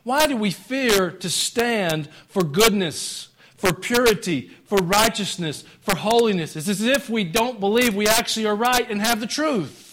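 A man with a notably high voice delivers a sermon in a church, talking to the congregation like a neighbor. He punches some lines out hard, then drops to quiet, dry jokes. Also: a little slow. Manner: conversational preaching that swings between loud emphatic lines and quiet wry asides; joking. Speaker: pastor. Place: church sanctuary.

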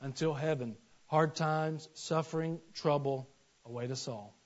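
A man, preaching a sermon and telling stories with animated acted-out voices. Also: a little high, measured pace. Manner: animated storytelling, acts out voices in anecdotes. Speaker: pastor. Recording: dull lo-fi sermon recording.

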